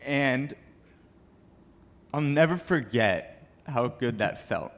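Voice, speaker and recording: A man's voice: medium pitch, expressive, slow, fairly bright tone. A young man, a cancer survivor, giving an earnest and emotional speech to an audience at a charity event. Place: banquet room with an audience.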